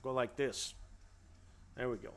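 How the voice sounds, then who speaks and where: A man's voice: medium pitch, steady tone, unhurried, vocal fry. A man hosting a casual trading livestream, upbeat and playful with slangy banter while he greets viewers. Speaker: host.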